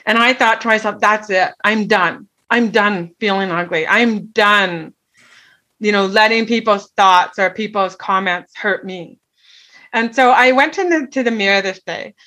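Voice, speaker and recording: A woman's voice: mid-range voice, a little slow, sharp tone. A middle-aged woman telling a personal story in an earnest way, often checking in with "right?". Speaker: guest.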